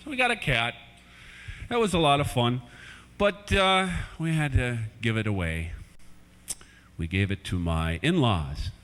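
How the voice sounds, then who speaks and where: Lively guy comic at a church family night, bright voice, big echoey hall. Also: mid-range voice, measured pace, pauses often. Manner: playful, talks to kids in the crowd. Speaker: comedian. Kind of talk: family stand-up comedy. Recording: echoey hall on old VHS.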